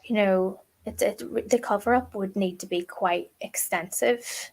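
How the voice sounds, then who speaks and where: A middle-aged woman in casual true crime conversation, mid-pitched and talkative. She drifts into long, emphatic stories and keeps tossing in fillers as she goes. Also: measured pace, a little mellow. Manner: chatty, emphatic storytelling with many fillers. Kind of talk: casual chat.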